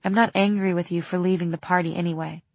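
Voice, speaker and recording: A woman voicing a guarded, sullen young man in an audiobook reading, with flat clipped lines. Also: on the low side, fast, dry recording.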